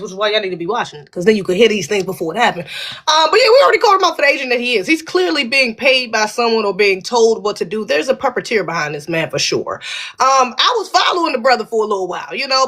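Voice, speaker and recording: A woman co-hosting a casual live stream, speaking bluntly and emphatically. Her voice is bright and forceful, and pitched a little high. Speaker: podcast co-host.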